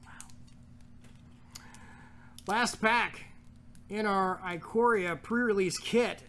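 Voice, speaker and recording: A man's voice: high-pitched, takes it slowly, fairly bright tone, slight background noise. Jokey man reading cards aloud. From United States. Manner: reads card text aloud, jokey, stumbles over words. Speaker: card shop host opening packs. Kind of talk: casual pack-opening commentary.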